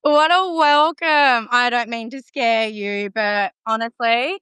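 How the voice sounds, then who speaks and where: A woman's voice: on the high side, takes it slowly, pushed and bright, clear, resonant tone, no room sound, clean studio sound. A woman guest on a podcast, talking in casual chat, confident, emphatic and playful. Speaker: podcast guest, green witch.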